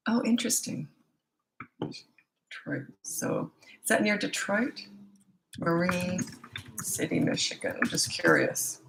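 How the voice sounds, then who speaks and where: Her voice runs on the low side with noticeable vocal fry. She's a woman in her sixties, a parenting coach livestreaming from home, casually reading out viewer comments and wandering off on tangents between them.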